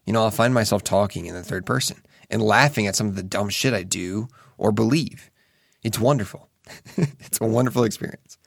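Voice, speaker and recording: Gravelly low-voiced man musing earnestly. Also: brisk, no room sound, clean studio sound. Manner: earnest, musing, casual swearing, many restarts. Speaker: solo speaker. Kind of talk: reflective monologue.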